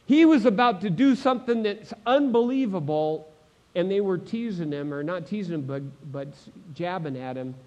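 A man preaching a sermon, swinging between loud proclamations and hushed moments, asking the congregation direct questions. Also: high-pitched, expressive, normal speed, lo-fi sound. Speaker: pastor.

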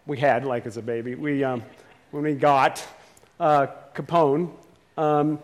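A man talking casually to a live audience, halting with many fillers and restarts. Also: medium pitch, steady tone, long reverb tail. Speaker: speaker addressing an audience.

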